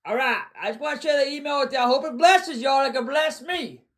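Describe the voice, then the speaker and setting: A man hosting a livestream, ranting boastfully and repeating himself, often bursting into shouts. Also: very high voice, brisk. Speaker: livestream host.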